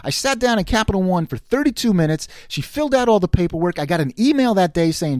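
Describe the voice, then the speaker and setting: A man's voice: high-pitched, lively intonation, fast talker, few pauses, no room sound, studio quality. A middle-aged man from New York in a casual monologue, telling a story with exasperation and acting out the other people's lines. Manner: exasperated ranting. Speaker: vlogger.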